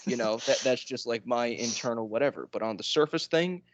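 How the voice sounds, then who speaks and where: A man's voice: mid-range voice, fairly quick, slight background noise. A young man from New York co-hosting a podcast, chatting casually with rambling, self-correcting asides. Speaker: podcast co-host. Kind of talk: casual chat.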